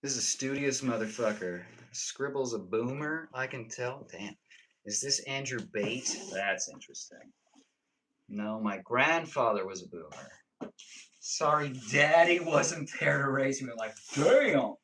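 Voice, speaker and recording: A man's voice: medium pitch, animated, a little slow, fairly bright tone, a little hiss or hum, poor audio. A young man live-streaming, casually joking and teasing as he reads and answers his chat.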